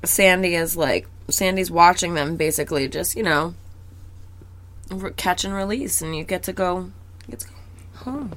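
A woman's voice: on the low side, normal speed, long pauses. A woman co-hosting a podcast, recapping a cartoon episode in casual, sarcastic chat. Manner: sarcastic, laughs often, puts on voices for characters. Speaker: podcast co-host.

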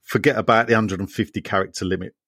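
Speaking fast in a lowish voice, a podcast host reads messages from listeners and trades lively jokes with his co-hosts. It's a dry, studio-quality recording.

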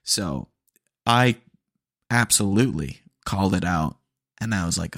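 A young man talks through a casual solo podcast, rambling and animated, with plenty of fillers. His voice sits low and has a gravelly, fried edge. The recording is close and dry, with no room sound. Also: a little slow, pauses often, no room sound. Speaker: podcast host.

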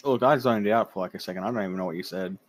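A man's voice: low voice, rapid-fire, no room sound. A man co-hosting a casual podcast, making sarcastic quips and swearing. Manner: sarcastic, swearing, mock dramatic. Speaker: podcast co-host. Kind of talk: casual chat.

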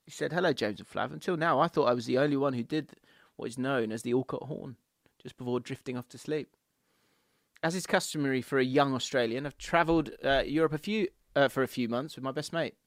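A man's voice: mid-range voice, fairly quick, no room sound, studio quality. A man co-hosting a casual football podcast, laughing often as he reads out listener messages and trades banter. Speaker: podcast co-host.

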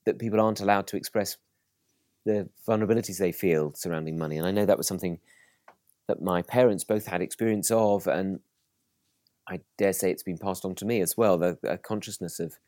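A British man with a low voice, guesting on a podcast as an author and comedian. He speaks thoughtfully and hesitantly, with self-deprecating asides. The sound is dry and close. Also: fairly quick, a little mellow, no room sound.

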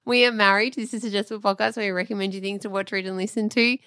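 A woman co-hosting a podcast, chatting in playful, excitable banter. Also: mid-range voice, racing, smooth. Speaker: podcast co-host. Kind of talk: casual banter.

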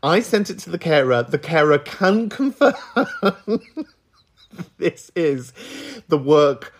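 A man's voice: on the high side, animated, slow pace. A man hosting a podcast, teasing and giggling as he answers a caller's story. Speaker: podcast host. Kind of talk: casual podcast chat.

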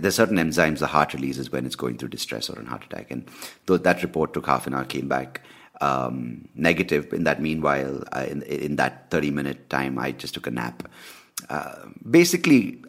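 A man hosting a podcast, telling a personal story in a candid, animated way with plenty of swearing. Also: a bass voice. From India. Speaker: podcast host. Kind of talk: casual ranting monologue.

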